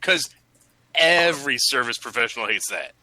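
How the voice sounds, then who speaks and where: A man's voice: mid-range voice, animated, moderate pace, bright, forceful tone, poor audio. A man co-hosting a casual radio chat, joking and riffing on the stories of others. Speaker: co-host.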